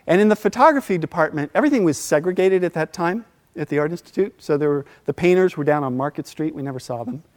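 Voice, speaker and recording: A middle-aged man telling a personal story in a relaxed, casual way, acting out quoted voices and laughing between lines. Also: fairly high pitch, quick pace.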